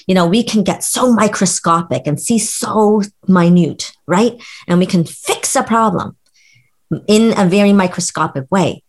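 A woman hosting a podcast, talking casually and warmly affirming her guest while reflecting on her patients. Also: medium pitch, measured pace. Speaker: podcast host; health practitioner with patients.

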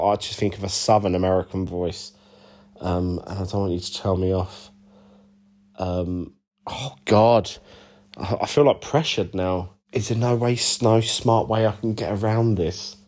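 A man, a band's singer and bassist, answering interview questions in rambling, sweary, self-deprecating banter. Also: normal speed, darkish tone. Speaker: band bassist and lead vocalist, interview guest.

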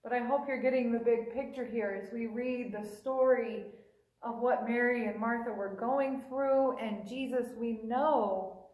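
A woman's voice: fairly high pitch, steady tone, unhurried, darkish tone, reverberant, low-quality recording. A woman preacher giving a sermon, retelling a scripture story in a conversational way and briefly acting out the quoted lines. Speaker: pastor.

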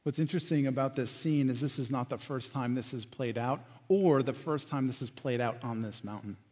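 A man preaching a sermon as pastor, animated, acting out quotes and dropping to quiet lines. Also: mid-range voice, long reverb tail.

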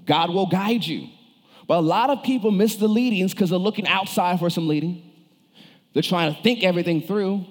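A male pastor preaches a sermon in a high voice at a moderate pace, the sound carrying a big-room quality. He shifts his emphasis as he goes and turns to the congregation with questions and cues.

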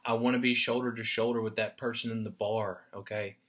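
Man, podcast host, rambling rant, swearing a lot, loud bursts then mutters, bright voice. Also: medium pitch, a little fast. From United States. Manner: profane, animated, swings between shouting and muttering.

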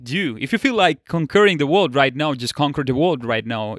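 A man's voice: mid-range voice, fairly quick, few pauses, a bit bright, no echo, studio quality. A young man giving a casual motivational monologue, laid-back, swearing casually and laughing often. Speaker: motivational podcaster.

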